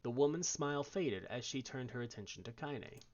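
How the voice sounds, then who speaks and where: A man reading story text aloud, very animated. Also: mid-range voice, normal speed, muffled recording. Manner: expressive read-aloud. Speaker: streamer.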